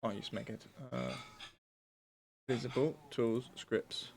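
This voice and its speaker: A man's voice: mid-range voice, steady tone, slow, creaky. A man streaming a city-building game, talking to himself in a casual, muttering way and sometimes slipping into a silly pirate voice. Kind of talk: casual gameplay commentary.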